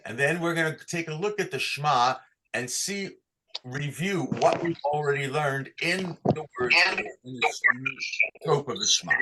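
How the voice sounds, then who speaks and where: A man's voice: fairly high pitch, background noise. A man teaching Torah cantillation online, patiently explaining each sign and singing short chant examples for the class to repeat.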